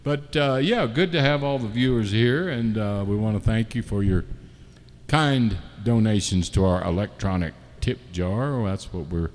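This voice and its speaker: Laid-back low-voiced man with a roomy echo. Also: a little mellow. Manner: easygoing and joking, with frequent "uh" pauses. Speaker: musician hosting a live-stream show. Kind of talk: casual live-stream chat. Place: home setup, not a studio.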